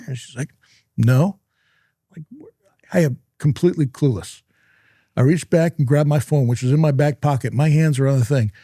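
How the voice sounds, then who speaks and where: Mellow-voiced middle-aged man telling stories. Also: medium pitch, dry recording, studio quality. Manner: halting, repeats and restarts words. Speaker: guest, real estate investor. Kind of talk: conversational storytelling.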